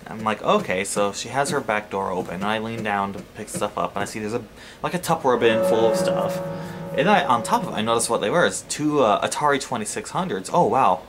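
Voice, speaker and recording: A man hosting a let's play, telling a story in a chatty, animated way over gameplay, swearing casually. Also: fairly low pitch, a little fast, music in the background. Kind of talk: casual gameplay commentary and anecdote.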